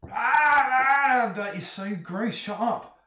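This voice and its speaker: A man voicing a flustered, squeamish male sailor working as a jailer, talking in a high, panicky way. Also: slow, sharp tone, reverberant, exaggerated voice. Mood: disgusted.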